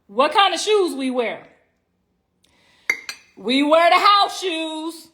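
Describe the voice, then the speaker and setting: A middle-aged woman with a high voice hosts a livestream from home, brash, profane and teasing as she talks straight to her viewers. She stretches words out for emphasis, and dishes and cutlery clink faintly behind her. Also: lively intonation, slow pace, pushed and bright. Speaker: livestream host. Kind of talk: casual livestream chat. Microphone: phone livestream.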